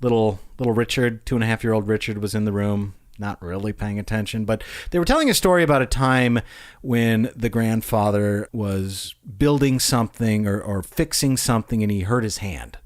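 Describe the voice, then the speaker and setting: A man's voice: on the low side, moderate pace. A man hosting a podcast, telling stories in a casual, amused way and acting out the quotes. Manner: animated, amused, acts out quotes. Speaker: podcast host. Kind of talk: casual storytelling.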